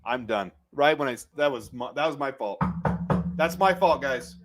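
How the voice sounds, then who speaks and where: A man's voice: medium pitch, expressive, moderate pace, faint music behind. A man hosting a live watch party, reacting to the game play by play and ranting angrily at the referees. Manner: agitated, ranting play-by-play, yelling when angry. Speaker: sports watch party host.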